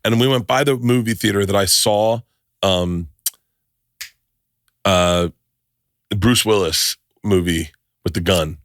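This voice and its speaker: Middle-aged man, animated profane storyteller. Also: fairly low pitch, slow, long pauses, dry recording, studio quality. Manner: animated storyteller, swears freely, restarts sentences. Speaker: podcast host. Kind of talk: casual chat.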